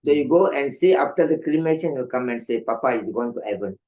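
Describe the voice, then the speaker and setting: An older man telling stories in an evening class, animated, laughing often and acting out voices, with many "you know" fillers. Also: medium pitch, fast talker, poor audio. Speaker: monk giving an evening class. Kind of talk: storytelling sermon.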